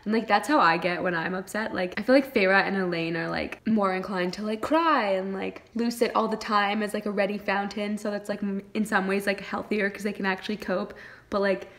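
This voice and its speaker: A woman's voice: medium pitch, fairly even intonation, brisk, a bit bright. Gushing young woman, book vlogger. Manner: gushing, laughs often, says "like" constantly. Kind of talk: casual chat reading vlog.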